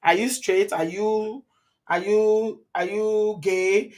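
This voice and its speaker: A woman's voice: medium pitch, fairly even intonation, slow pace, darkish tone. A woman from Nigeria with a Nigerian accent, hosting a live commentary. She reads viewer comments aloud, chats freely, switches into Pidgin and Yoruba and laughs often. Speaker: channel host.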